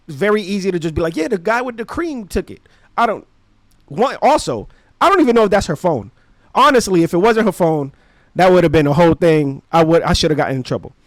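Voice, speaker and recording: A man in his thirties with a fairly high voice, spinning a slangy, animated story for his podcast. The sound is dry and close, with no room ring. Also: normal speed, dry recording. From Brooklyn, New York. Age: 30s. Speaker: podcast host. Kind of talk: casual storytelling.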